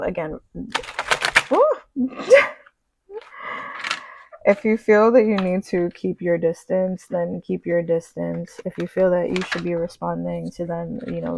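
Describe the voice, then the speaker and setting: A non-binary reader giving a casual pick-a-card reading, chatty and gushing, with many fillers and soft spiritual talk. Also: medium pitch, little pitch movement, normal speed, creaky, noisy background.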